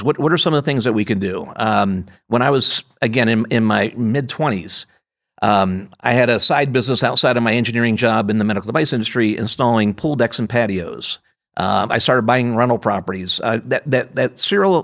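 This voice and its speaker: A man's voice: medium pitch, fairly bright tone. A man in his fifties, originally from upstate New York, talks as a podcast guest. He tells long stories about his career and family, full of fillers and restarts, in an ordinary mid-range voice. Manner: rambling anecdotes with frequent restarts and fillers. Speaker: guest, company founder. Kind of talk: conversational interview storytelling.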